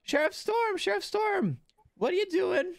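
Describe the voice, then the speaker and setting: Little boy, ten, eager and squeaky, very high, dry sound. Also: sing-song, a little slow, vocal fry, no echo, exaggerated voice. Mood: excited. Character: excited curious ten-year-old boy.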